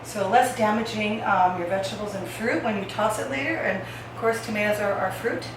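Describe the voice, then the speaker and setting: A woman's voice: mid-range voice, fairly quick, background noise. A woman hosting a casual home cooking demonstration, chatting to viewers as she chops vegetables. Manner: chatty, talks to viewers while chopping. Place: home kitchen. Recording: very echoey kitchen, far from mic, dish clatter.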